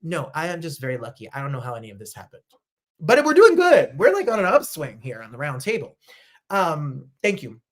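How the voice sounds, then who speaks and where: Animated chatty male talk show host. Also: on the high side, fairly quick. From New Jersey. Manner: animated, gushing, chatty asides. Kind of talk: casual livestream chat.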